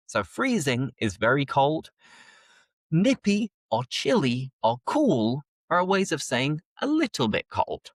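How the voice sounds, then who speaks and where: A man from northern England with a Yorkshire accent teaches vocabulary in a podcast lesson, speaking slowly and clearly and drawing out key words so learners can catch them. His voice is medium-pitched, with no room sound.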